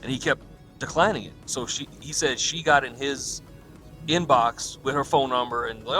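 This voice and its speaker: A man's voice: medium pitch, normal speed, sharp tone, faint music behind. A man hosting a podcast, retelling a coworker's story in a casual, profane, laughing way with quoted back-and-forth. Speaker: podcast host.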